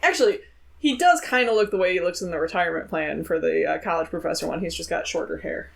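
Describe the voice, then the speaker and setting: A woman's voice: lowish voice, vocal fry. Playful joking woman podcast co-host. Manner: playful, joking, quick with punchlines. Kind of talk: casual podcast chat.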